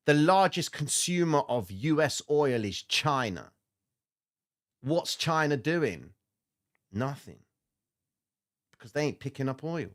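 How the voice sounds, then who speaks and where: A man's voice: on the high side, very animated, slow pace, pauses often. A man hosting a live trading stream, giving blunt, slangy market commentary and answering chat comments.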